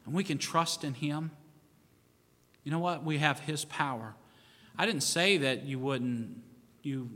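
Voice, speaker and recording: Earnest preaching pastor in reverberant church. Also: male voice, a little high. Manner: earnest, repetitive pleading cadence. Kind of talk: sermon and altar call. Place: church sanctuary. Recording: reverberant church hall with soft music. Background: soft piano.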